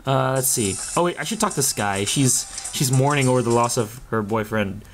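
A man's voice: medium pitch, moderate pace. A man giving casual, giggly commentary while playing through a video game and reading its dialogue aloud. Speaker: let's play gamer.

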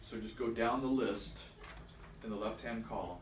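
A man's voice: medium pitch, moderate pace, slight background noise. A man teaching a church confirmation class, patiently explaining and quizzing his students. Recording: echoey room from far off.

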